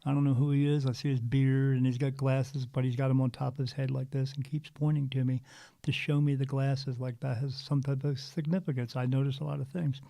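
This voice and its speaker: A man in his fifties, a spiritual medium guest, telling a story in an earnest, animated way with frequent restarts. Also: medium pitch, fairly quick, vocal fry, dry recording. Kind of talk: casual storytelling interview.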